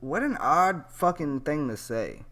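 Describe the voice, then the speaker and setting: A man's voice: fairly high pitch, sing-song, a little slow, sharp tone. A man riffs through casual reaction commentary, cursing and sounding openly incredulous. His voice swings widely up and down as he rambles from one aside to the next. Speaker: vlogger reacting to a TV clip.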